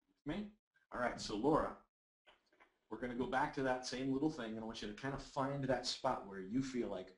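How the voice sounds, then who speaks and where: A man presenting a live webinar, teaching voice exercises with energetic, encouraging talk and reading out audience comments. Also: fairly low pitch, moderate pace. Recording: roomy echoey webinar audio.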